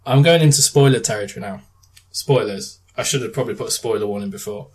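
A man's voice: medium pitch, fast, poor audio. Young man telling a sweary story. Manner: animated storytelling with swearing and laughs. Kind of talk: casual chat.

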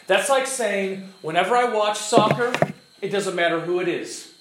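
A high-voiced man lecturing a class, animated and illustrative, slipping into little acted-out quotes. The room is echoey, with a faint hum of noise behind him. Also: normal speed. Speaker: teacher.

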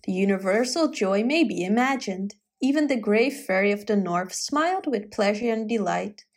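A woman reading a fairy tale aloud in a gentle, expressive storytelling manner. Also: medium pitch, normal speed.

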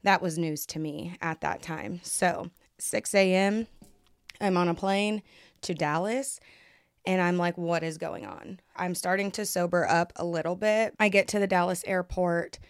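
A young woman from Kansas with an American accent tells her own story on her podcast. Her voice sits low and smooth, and the close mic leaves the sound completely dry. She talks candidly and bluntly, swears freely and acts out what others said. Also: steady tone, dry recording. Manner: brisk, acts out others' lines. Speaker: podcast host. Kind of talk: casual storytelling monologue.

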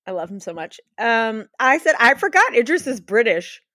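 A woman's voice: a little high, very animated, moderate pace, sharp tone, no room sound. Chatty woman swearing freely, dry sound. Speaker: podcast co-host. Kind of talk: casual chat.

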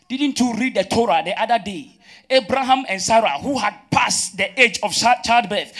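A man preaches to his church. He fires questions for the congregation to answer and swings between loud emphatic bursts and quiet asides. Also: high-pitched, moderate pace. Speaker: pastor. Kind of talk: sermon.

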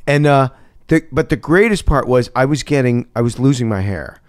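A man's voice: medium pitch, animated, moderate pace, no room sound, clean studio sound. A man in his fifties, an actor guest on a casual chat podcast, telling stories animatedly and laughing often.

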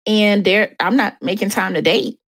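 A woman's voice: mid-range voice, fairly even intonation, moderate pace, fairly bright tone, no echo. A woman hosting a show, talking candidly and emphatically about faith and dating, speaking straight to her listeners. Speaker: host.

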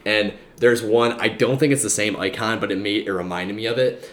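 A man's voice: fairly low pitch, brisk, a bit bright. A man co-hosting a podcast in casual chat, rambling and filling his talk with "like". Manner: rambling, full of "like" fillers. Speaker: podcast co-host. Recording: echoey room, faint background hum.

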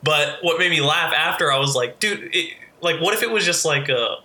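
Man, podcast co-host, very bright tone, casual swearing storyteller. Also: on the high side, lively intonation, moderate pace. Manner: storytelling, heavy swearing, lots of fillers. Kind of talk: casual chat.

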